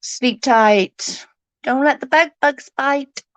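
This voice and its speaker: A woman's voice: high-pitched, slow, fairly bright tone, no room sound. A woman chatting to viewers on a casual late-night livestream from her bed, rambling and swearing freely.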